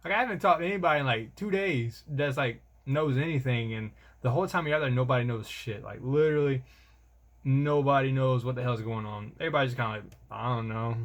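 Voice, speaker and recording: A man's voice: mid-range voice, fast. A young man, telling a rambling, slangy vlog story about army training and calling the listener bro. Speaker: soldier vlogger.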